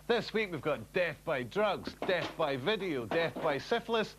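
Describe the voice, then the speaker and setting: A man's voice: a little high, sing-song, a little slow, fairly bright tone, slight background noise. A man co-presenting a comedy show, reading chirpy show links.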